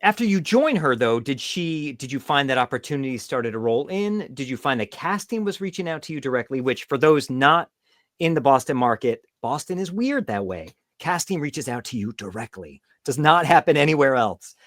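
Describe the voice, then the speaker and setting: A man's voice: medium pitch, big pitch swings, moderate pace, a bit bright, no room sound, studio quality. A man hosting an interview podcast, chatty and self-deprecating in casual conversation. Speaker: podcast host.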